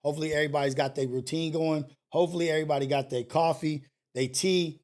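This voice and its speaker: Guy hosting a morning live stream, preachy and lively, bit high voice. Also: fast. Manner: preachy, animated, swings between loud scolding and low murmurs. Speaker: host of a live call-in show. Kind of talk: casual live-stream talk.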